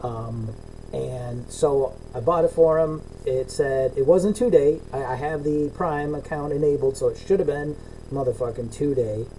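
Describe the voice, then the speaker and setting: Ranting podcast man with a dark voice. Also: medium pitch, a little slow, a little hiss or hum, low-quality recording. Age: middle-aged. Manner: ranting, swears a lot, acts out both sides of calls. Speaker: podcast co-host. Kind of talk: casual profane chat. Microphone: video call.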